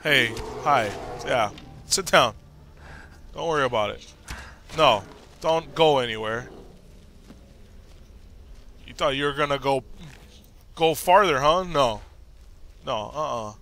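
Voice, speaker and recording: A man giving jokey, excitable commentary while playing a video game, often talking back to the characters. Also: mid-range voice, takes it slowly, pauses often, a little hiss or hum. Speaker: gameplay commentator. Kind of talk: joking gameplay commentary.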